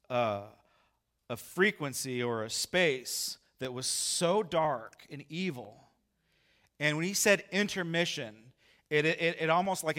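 A male pastor telling a story in a sermon, animated and acting out his own lines loudly. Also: mid-range voice.

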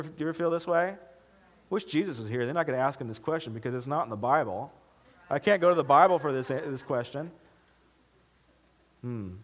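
A man preaching a sermon as a pastor, talking in a conversational way and building to animated, emphatic stretches. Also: fairly high pitch.

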